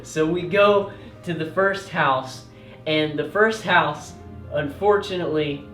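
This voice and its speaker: A young man tells a comedic story as host, animated and prone to yelling out the loud parts. His voice rings in a roomy space and sits a little back from the mic. Faint music plays underneath. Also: a little high, recorded from a distance. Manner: animated, yelling out quoted lines and rushing through bursts.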